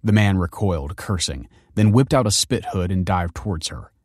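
Low-voiced man narrating a story. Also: expressive, normal speed, a little mellow, no room sound, clean studio sound. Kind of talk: story reading.

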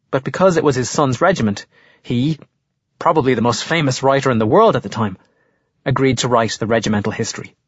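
A man's voice: mid-range voice, husky, dry recording, pitched below the performer's own voice, close to an everyday voice. A man voicing an earnest male schoolteacher in an audiobook reading. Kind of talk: audiobook narration. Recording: dull lo-fi dry audio.

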